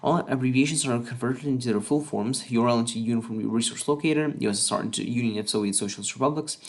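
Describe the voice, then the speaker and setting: Male narrator, mid-pitch, scripted explainer read with wry asides and frequent self-corrections. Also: fast. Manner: self-interrupting, restarts words, wry asides. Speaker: conlang creator presenting a submission.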